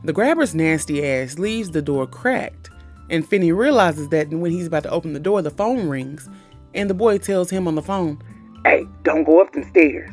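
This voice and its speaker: Blunt, wry woman with a lively voice. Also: low-pitched, normal speed, soft background music. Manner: blunt, profane, wry asides. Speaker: movie recapper. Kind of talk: comedic movie recap.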